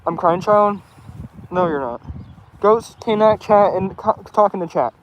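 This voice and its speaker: High-voiced man rambling at his chat. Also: expressive, moderate pace, background noise. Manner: rambling and defensive, stumbling restarts. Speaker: streamer answering chat. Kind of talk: casual in-character livestream chat.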